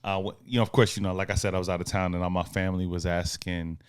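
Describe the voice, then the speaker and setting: A man in his thirties with a lowish voice, co-hosting a podcast in an easygoing, slang-filled way. He laughs often as he tells stories. The sound is dry and close, with no room echo. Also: level tone, fast, smooth. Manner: laid-back slang-heavy storytelling with laughs. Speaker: podcast co-host. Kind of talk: casual chat.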